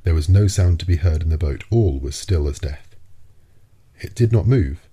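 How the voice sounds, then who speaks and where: Deep, dark-voiced male audiobook narrator. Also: animated, moderate pace, husky. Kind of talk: scripted narration.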